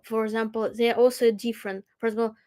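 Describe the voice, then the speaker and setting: Ukrainian woman, non-native English, earnest, frequent restarts; slightly high pitch. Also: flat delivery, fast, dark tone. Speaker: musician and guest. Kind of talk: casual discussion.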